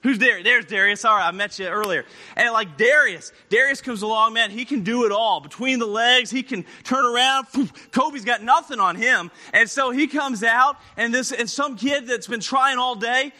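A man preaching a sermon, retelling a Bible story and acting out the characters with shifting voices and sudden shouts. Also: very high voice, moderate pace. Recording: long hall reverb.

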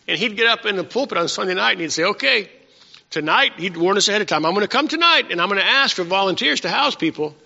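A man preaching a sermon as the pastor of his church, animated and emphatic, often restarting his phrases. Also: high voice, gravelly. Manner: animated, rising to emphatic peaks, with frequent restarts. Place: church sanctuary. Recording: dull sound with hall reverb.

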